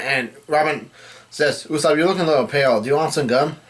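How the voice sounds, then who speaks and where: A man's voice: on the high side, brisk, fairly bright tone. A man casually reading a comic chapter aloud, voicing the quoted lines in his own plain voice and often correcting himself mid-sentence. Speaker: manga reader. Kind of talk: casual manga chapter read-through.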